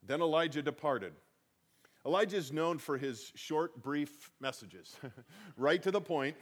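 A man's voice: on the high side, animated, measured pace. A man giving a conversational Bible teaching, reading scripture aloud and then explaining it with chatty emphasis.

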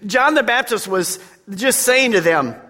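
A man preaching from the pulpit in a lively, swooping voice, calling on his listeners directly. His tone is bright and forceful. Long reverb from a large church sanctuary trails every phrase. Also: high voice, unhurried. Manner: emphatic, conversational preaching with direct appeals to listeners. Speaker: pastor. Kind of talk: sermon.

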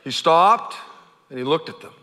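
A man preaching from the pulpit, his voice bright and high-pitched. He tells the story with lively energy and acts out the characters' cries, and his words ring with a long reverb in a large hall. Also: normal speed. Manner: animated storytelling, acting out the characters' shouts. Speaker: pastor. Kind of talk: sermon.

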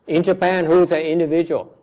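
A Buddhist teacher whose first language is Vietnamese teaches a class bluntly and questioningly, switching between English and Vietnamese. His voice is a little high and darkish, with a flat, brisk delivery.

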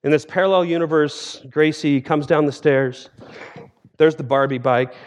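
A man in his forties, a theology professor preaching a sermon as guest speaker, telling stories in a lively way and acting out scenes. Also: fairly high pitch, normal speed. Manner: lively storytelling, acts out scenes.

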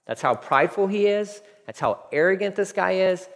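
Guy preaching, fun and animated, repeats stuff for emphasis, voice goes all over. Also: sits high, normal speed, gravelly. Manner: animated, humorous, emphatic repetition. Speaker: pastor. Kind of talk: sermon. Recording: long hall reverb.

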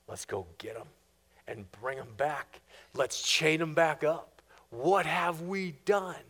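A man voicing an angry king who orders his army to chase down escaped slaves, in a low, drawn-out voice during a sermon. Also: fairly bright tone. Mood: vengeful. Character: angry vengeful male king giving chase.

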